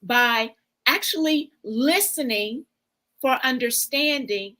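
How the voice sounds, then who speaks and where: A woman coach explaining her ideas in a slow, deliberate interview. Her voice sits a little high, and she takes her time over each point. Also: sharp tone, low-quality recording. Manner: measured, explanatory. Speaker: guest speaker, relational coach. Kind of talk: interview answer.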